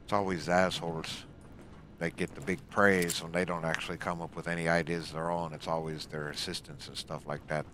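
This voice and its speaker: A man's voice: sits low, flat delivery, brisk, bright, forceful tone, slight background noise. A man giving casual commentary while playing a game, grumbling and growling a pirate-like "arr" between remarks. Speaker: gaming channel host.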